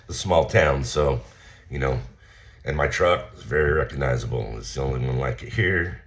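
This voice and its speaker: Man, very deep voice, casual story, aggrieved tone. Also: moderate pace, fairly bright tone. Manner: aggrieved, recounting an incident and acting out both sides. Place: small town.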